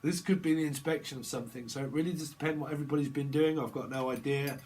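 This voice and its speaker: A man rambles through a tarot reading, free-associating and joking as he goes. His voice sits at an ordinary middle pitch, and he keeps slipping into quick, playful put-on voices. A faint background noise is present behind him. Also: steady tone, darkish tone. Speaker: tarot reader.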